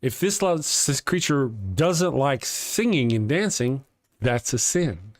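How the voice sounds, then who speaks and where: A man's voice: mid-range voice, very animated, slow, dry recording, clean studio sound. A man with a Texas accent hosting a casual atheist morning livestream. He rambles, chuckles often and restarts his sentences while reading viewer comments.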